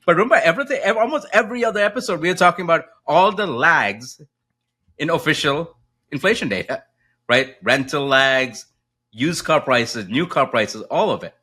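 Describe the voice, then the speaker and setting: A man co-hosting a casual finance podcast, walking through economic data and often checking in with a quick "right?". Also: a little high, expressive, sharp tone, slightly rough. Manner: explanatory, data-heavy, asks rhetorical "right?". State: coughing, slightly choked up. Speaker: co-host, macro strategist. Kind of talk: casual market podcast chat.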